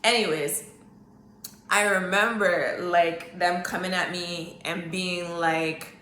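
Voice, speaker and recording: A woman's voice: on the low side, fairly even intonation, slow pace, bright, forceful tone, slight background noise. Candid woman podcaster in a roomy space. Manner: candid, rambling, emphatic with repeated "okay?". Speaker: podcast host. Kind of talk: casual storytelling monologue. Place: at home.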